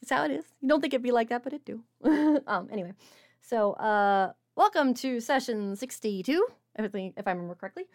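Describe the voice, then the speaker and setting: A woman's voice: fairly high pitch, animated, brisk, a little mellow. A woman hosting a tabletop game stream as its game master, chatty and stumbling over her words. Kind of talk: tabletop stream intro and announcements.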